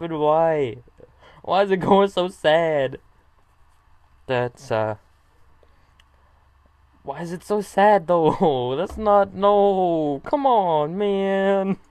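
A man giving casual reaction commentary on an animated short, emotional and gushing, laughing often. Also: high-pitched, takes it slowly, smooth, no room sound.

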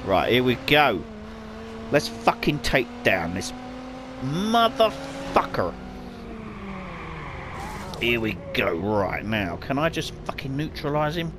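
Here the gamer's voice sits a little high and sing-song, moving slowly with long pauses. He swears heavily and keeps apologizing through his frantic let's play, over game music and the sound of cars.

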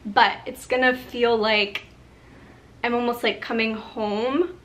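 Brief: young woman vlogger, bright voice, slow halting talk, near tears. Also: a little high, steady tone. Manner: halting, tearful, many restarts and ums. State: on the verge of tears. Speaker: lifestyle vlogger. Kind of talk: emotional unscripted vlog talk.

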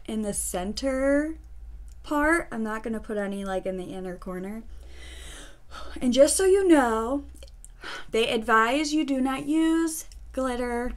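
A woman doing a makeup first-impression vlog, gushing and giddy, often breaking into laughs and hushed gasps. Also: fairly high pitch. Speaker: beauty vlogger.

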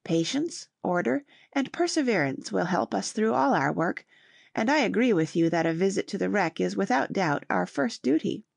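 Cheerful no-nonsense mom in a storybook, gravelly undertone, read by a woman. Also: medium pitch, lively intonation, normal speed, no room sound, clean studio sound. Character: cheerful, steadfast mother and wife.

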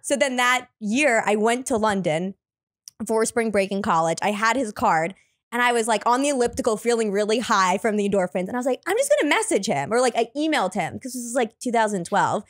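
A woman's voice: on the high side, a little fast. A woman in her thirties, a comedian guest on a podcast, telling rambling stories full of "like". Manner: rambling storyteller, lots of "like". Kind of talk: casual podcast chat.

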